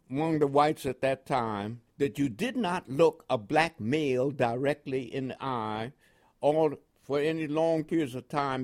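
An older man from Panama with a New York accent tinged with West Indian inflections, recounting his army years in an oral history interview and laughing now and then. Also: medium pitch. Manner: animated storyteller with laughs and quoted dialogue. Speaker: interviewee, veteran.

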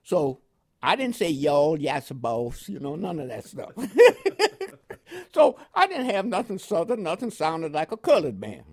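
Telling his life story in an oral history interview, an older man from Panama sounds animated and chuckles often. His husky voice sits high and moves at a moderate pace, with a New York accent tinged by West Indian inflections.

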